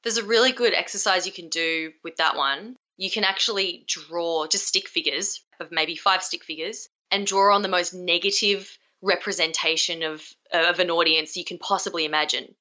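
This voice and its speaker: A woman's voice: on the low side, normal speed, few pauses, pushed and bright, lo-fi sound. A young adult woman, a communication skills coach, being interviewed over a video call, talking energetically and acting out example phrases.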